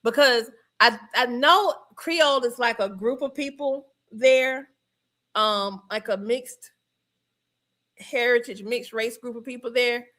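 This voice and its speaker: Reading viewer comments on her casual livestream, this Georgia woman laughs frequently and keeps things chatty and relaxed. Her Southern-accented voice is bright and a bit high, and she speaks slowly.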